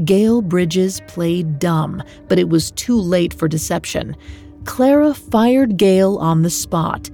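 Female narrator, low mellow voice, scripted true-crime read, faint music underneath. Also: lively intonation, slow pace. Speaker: podcast narrator.

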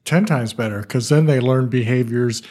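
A man in casual chat, explaining his views in a measured way. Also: medium pitch, dark tone.

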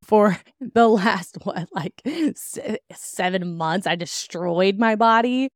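Taking it slowly with a medium-pitched voice, a young podcast host tells listeners personal stories about her life. She's candid and chatty, full of "like" fillers and laughs. The recording is dry with clean studio sound.

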